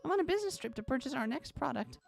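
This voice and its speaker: Casting: woman streamer narrating a game, heavy vocal fry, higher pitch, dramatic read. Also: racing, soft background music. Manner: expressive, with sudden high exclamations. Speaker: streamer reading a game aloud.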